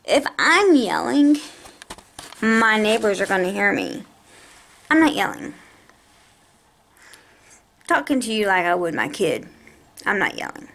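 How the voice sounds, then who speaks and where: A woman's voice: mid-range voice, big pitch swings, normal speed, fairly bright tone, slight background noise. A woman telling an angry story about a medical bill, talking in a heated, exasperated way with her voice raised. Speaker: vlogger. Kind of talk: angry personal rant to camera.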